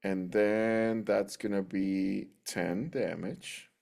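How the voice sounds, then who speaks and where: A man's voice: lowish voice, steady tone, drawn-out words, gravelly, a little mellow. A man playing a tabletop game in a casual, playful way, with sound effects. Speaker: player.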